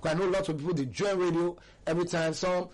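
A middle-aged man with a Nigerian English accent hosting a call-in radio talk show, chatty and animated, often laughing and repeating himself. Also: high voice, quick pace. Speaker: radio host.

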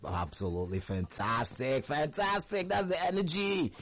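A young man hosting a call-in radio show, energetic and slangy, hyping up callers. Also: fairly high pitch, moderate pace. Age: young adult.

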